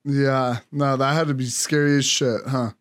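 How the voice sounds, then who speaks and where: A man's voice: medium pitch, flat delivery, normal speed. A man hosting a podcast in casual chat, laid-back, reacting to a guest's story. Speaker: podcast host.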